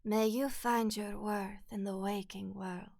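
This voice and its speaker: A woman voicing a gentle doll woman in a whispered role-play, with a put-on British accent and a soft, slow, tender delivery. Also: mid-range voice, fairly even intonation, creaky, no echo, clean studio sound.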